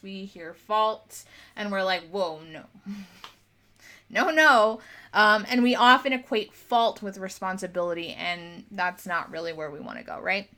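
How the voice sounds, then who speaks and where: A woman's voice: medium pitch, bright, forceful tone. A young adult woman giving a casual motivational talk as a spiritual coach, blunt and swearing freely, acting out the voices she quotes.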